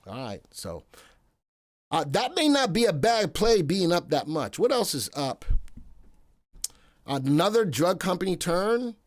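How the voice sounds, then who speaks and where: Lively chatty male market host. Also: high-pitched, measured pace, pauses often, no room sound. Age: adult, past military service. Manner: animated, chatty, wanders into joking asides. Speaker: host of a live stock market show. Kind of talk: casual live market commentary.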